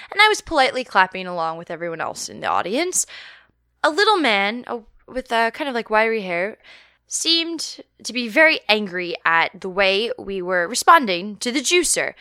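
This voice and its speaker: A woman telling a comic anecdote in a lively, building storytelling manner. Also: medium pitch, no echo, studio quality.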